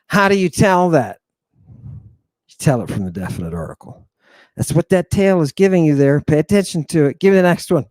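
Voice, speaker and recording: A man's voice: on the high side, a little fast, no echo. A man teaching an Ancient Greek lesson in a theatrical, teasing drill-sergeant manner. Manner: animated, teasing.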